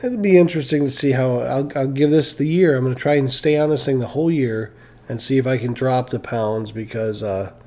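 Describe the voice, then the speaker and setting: A man's voice: medium pitch, fairly quick, dark tone. A tired man chatting casually on a live stream, rambling with lots of fillers and restarts, joking about himself. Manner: self-mocking, laughs at own stories.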